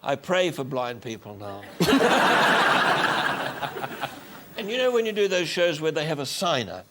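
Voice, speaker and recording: An older Australian man spins a wry, unhurried anecdote at a slow, deliberate pace. His voice sits a touch higher than usual, and the television studio recording carries clear background noise. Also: very animated. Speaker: chat show guest. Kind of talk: anecdotal chat show talk.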